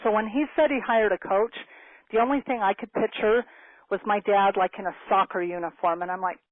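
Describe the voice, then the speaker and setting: Animated storytelling woman, tinny phone-like sound. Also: medium pitch, brisk, no room sound. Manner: animated, acts out quoted dialogue. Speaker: motivational speaker. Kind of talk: personal storytelling talk.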